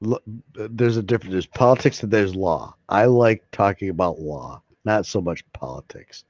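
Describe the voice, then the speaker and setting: A man's voice: deep voice, lively intonation, moderate pace, a little mellow, dry recording. Rambling, jokey livestream host man. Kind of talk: casual live stream chat. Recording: dull lo-fi stream audio.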